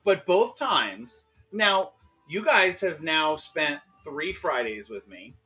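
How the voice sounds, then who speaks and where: A man's voice: a little high, big pitch swings, takes it slowly, bright, forceful tone, faint music behind. A man hosting a casual chat, rambling and poking fun at himself. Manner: rambling, self-deprecating. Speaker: host.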